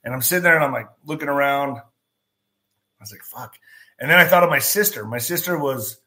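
Bright-voiced man telling a story. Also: on the high side, fast. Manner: animated, acts out quotes, swears. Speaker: podcast host. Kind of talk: casual storytelling.

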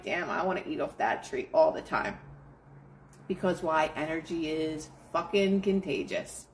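A woman with a mid-range voice hosts a live stream, giving her chat a casual motivational pep talk. She's blunt, profane and emphatic throughout.

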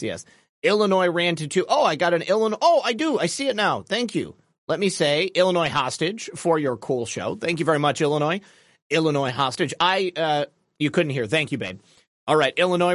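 A man hosting a casual livestream, chatty and animated as he comments and thanks viewers by name. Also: on the high side, no room sound, clean studio sound. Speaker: livestream host.

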